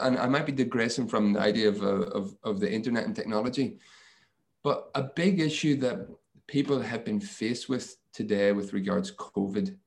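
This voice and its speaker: A man talking as a guest on a podcast, a mindset coach who tells stories and acts out his own inner thoughts in lively quoted lines. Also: fairly low pitch, creaky. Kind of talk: casual podcast conversation.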